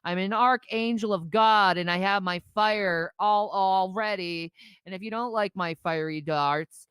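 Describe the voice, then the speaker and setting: Brash, foul-mouthed woman with a clear voice. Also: medium pitch, unhurried, a bit bright, dry recording. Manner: brash, profane, sarcastic. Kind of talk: livestream banter.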